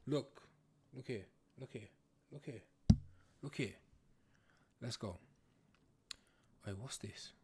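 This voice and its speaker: A man hosting a casual livestream, chatting with viewers in a playful, teasing way and often breaking into loud exclamations. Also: medium pitch, slow pace, long pauses, slight background noise. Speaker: livestream host. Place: home, in the UK.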